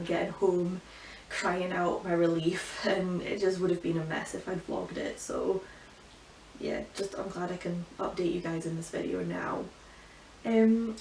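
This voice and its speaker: A woman's voice: fairly low pitch, creaky, a little mellow. A young woman chatting emotionally in a casual home vlog, with lots of "like" fillers. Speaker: vlogger. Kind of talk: casual pregnancy update vlog. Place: bedroom at home. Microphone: camera from some distance. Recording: roomy, distant, faint hiss.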